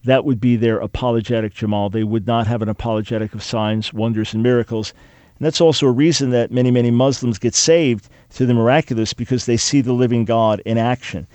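A male radio talk show host speaks live from a studio with an earnest, emphatic rhythm that rises and falls like a preacher's. His voice sits at an ordinary pitch. It is captured dry and close, with no room sound. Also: steady tone, a little fast, a little mellow, no room sound.

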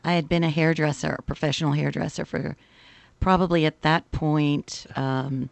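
Gravelly-voiced older woman missionary guest. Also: low voice, fairly even intonation, normal speed, dry recording. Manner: projects her voice, plain and direct. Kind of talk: radio interview.

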